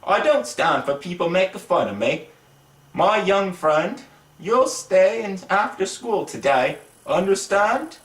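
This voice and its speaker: A man voicing a stern, pompous older schoolmaster in a storybook reading, speaking high and loud. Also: very animated, moderate pace, echoey room, far from the mic. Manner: stern, blustering.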